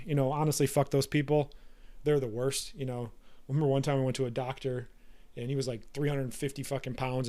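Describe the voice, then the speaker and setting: A man in his thirties hosting a podcast, giving a blunt, profane and forceful motivational monologue. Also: mid-range voice. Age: 30s. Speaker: podcast host.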